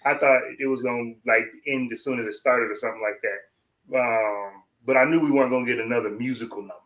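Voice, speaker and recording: Guy casually breaking down an episode, bright voice, easygoing and chatty. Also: mid-range voice, fast talker. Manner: relaxed and conversational, acting out his own reactions. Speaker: TV recap podcast co-host. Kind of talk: casual chat.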